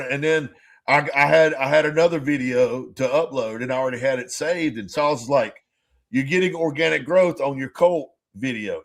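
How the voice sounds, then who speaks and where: Higher-voiced man swearing his way through a story. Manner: rambling storyteller who swears freely and acts out conversations. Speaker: podcast co-host. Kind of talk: casual chat.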